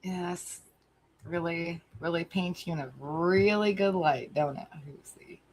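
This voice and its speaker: A woman's voice: lowish voice, measured pace, slight background noise, low-quality recording. A woman livestreamer reacting to a clip, talking heatedly with a lot of swearing and speaking straight to her chat.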